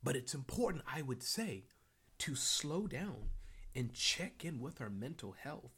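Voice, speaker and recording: A man hosting a live motivational talk and reading chat comments aloud. He repeats his key phrases and swings from hushed whispers to loud, fired-up bursts. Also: medium pitch, very animated, unhurried, breathy edge. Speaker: live-stream host.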